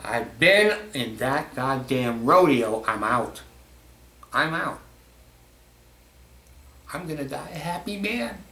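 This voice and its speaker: A man's voice: mid-range voice, animated, slow pace, pauses often, bright, forceful tone, recorded from a distance. A middle-aged man ranting to camera in a blunt, profane, bitterly sarcastic way. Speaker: vlogger. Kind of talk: angry personal rant to camera. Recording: echoey room, set back from the mic.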